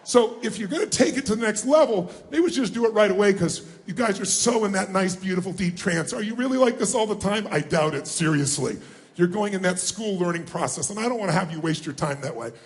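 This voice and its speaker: A man giving a live motivational seminar talk, energetically calling on the crowd to answer and shout back. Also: sits high, quick pace. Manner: energetic, calls on the crowd for responses. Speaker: motivational speaker. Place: large hall with a live audience. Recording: roomy hall sound.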